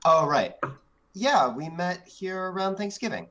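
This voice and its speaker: A man's voice: high voice, animated, unhurried, a bit bright, voice pushed up. A man voicing a guarded young woman in a tabletop game, answering in an offhand, evasive way.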